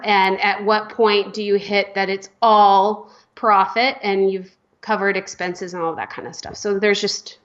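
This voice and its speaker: Brief: female business coach guest, mid-pitched, explanatory and giggly, slightly dull audio. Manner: warm-hearted, laughs often, thoughtful explaining. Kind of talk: casual podcast chat.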